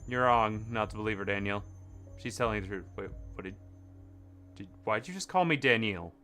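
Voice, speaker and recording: A young man streaming a game, reading the characters' lines aloud and breaking off into loud, excited chatter with his viewers. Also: fairly low pitch, moderate pace, soft background music.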